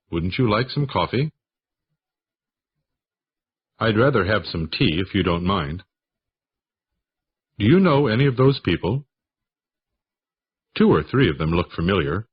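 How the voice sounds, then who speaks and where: A man slowly reading English practice sentences aloud for learners, one question and answer at a time, in a husky voice. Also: fairly low pitch, dull audio. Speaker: English lesson reader. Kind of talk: slow scripted sentence reading.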